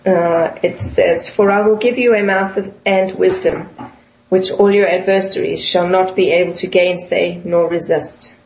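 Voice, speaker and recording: A woman's voice: on the low side, steady tone, a little slow, a little mellow, a little hiss or hum. A woman with a South African accent, sharing thoughts in a Bible study group and reading verses aloud. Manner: thoughtful, reads scripture aloud. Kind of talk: casual Bible study discussion. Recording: echoey room.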